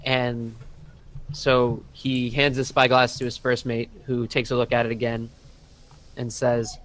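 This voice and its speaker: A man's voice: mid-range voice, level tone, unhurried, a bit bright. A man narrating a tabletop game as dungeon master, in a loose, rambling way with many fillers.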